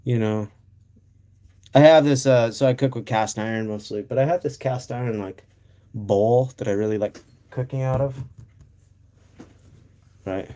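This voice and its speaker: A man's voice: mid-range voice, fairly even intonation, normal speed, long pauses, dark tone. A man chatting casually on a live stream, rambling and swearing as he reads chat aloud, with bouts of coughing.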